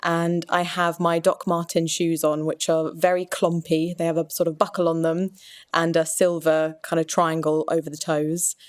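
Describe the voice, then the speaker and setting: A woman's voice: deep voice, level tone, normal speed, no echo, clean studio sound. A woman in her twenties, a stage actor, chattily describing herself and her roles for an audio introduction, hedging often with "sort of". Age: 20s.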